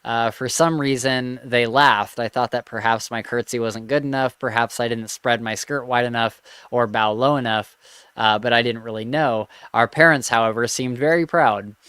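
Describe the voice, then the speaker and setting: A man's voice: medium pitch, steady tone, moderate pace, a bit bright, clear, resonant tone, dry recording. A man hosting a podcast, casually chatting and reading a listener's story aloud with an amused tone. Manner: amused, laughs between lines. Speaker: podcast host.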